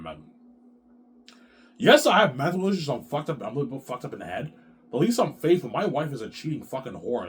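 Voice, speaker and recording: A middle-aged man's voice sits on the low side and races along in a rambling vlog rant. He swears often and repeats himself, ending phrases with "man." A faint hiss of noise runs underneath. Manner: profane, repetitive, ends phrases with "man". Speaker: vlogger. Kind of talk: ranting monologue.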